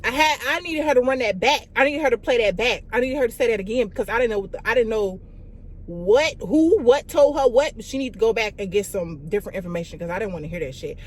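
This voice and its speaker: A young woman, telling a storytime vlog in an animated, profane way, full of "like" and "y'all". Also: on the high side, quick pace. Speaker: vlogger.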